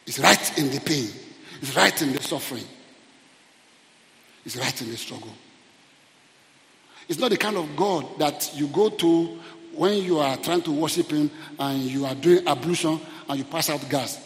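A man preaching a fervent sermon in a church auditorium, calling out to the congregation and rising to shouted peaks. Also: a little high, unhurried, long pauses, long reverb tail. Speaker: pastor.

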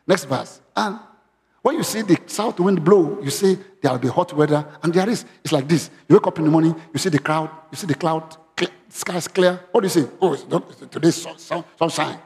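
A man's voice: on the high side, fairly quick. A male pastor, preaching a sermon in church and often asking the congregation questions. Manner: interactive, asks congregation questions; animated, raising voice when quoting. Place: church hall. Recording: long hall reverb.

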